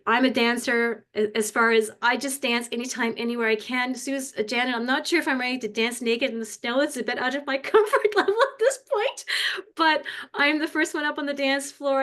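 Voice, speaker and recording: An older woman, a grandmother, sharing a heartfelt, rambling personal story on a video call, tearful at times. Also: fairly high pitch. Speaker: community member sharing.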